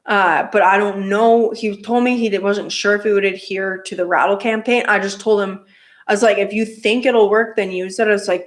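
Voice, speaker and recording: A woman's voice: medium pitch, fairly even intonation, normal speed. A woman telling a casual story about her motorcycle build, rambling with lots of fillers and restarts.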